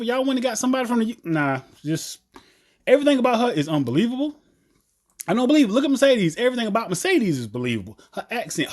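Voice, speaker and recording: A man from the American South with a Southern accent, giving a blunt, animated opinion rant about a TV show. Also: high-pitched. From Southern United States. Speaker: TV commentator.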